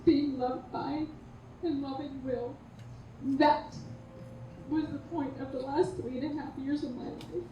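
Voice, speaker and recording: A woman's voice: sits high, steady tone, a little slow, long pauses, lo-fi sound. A woman giving a heartfelt eulogy and toast for her late partner at a memorial gathering. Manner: heartfelt, tender storytelling. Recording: echoey room, distant mic, background noise.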